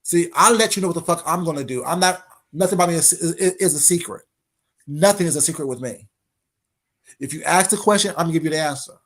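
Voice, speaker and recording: A man's voice: a little high, fast, a bit bright. A man giving a brash, confrontational casual monologue as an online commentator.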